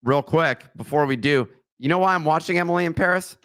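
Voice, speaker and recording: A man's voice: on the high side, brisk, fairly bright tone, no echo. Joking, rambling podcast host man. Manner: rambling, joking asides, slips of the tongue. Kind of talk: casual podcast chat with ad read.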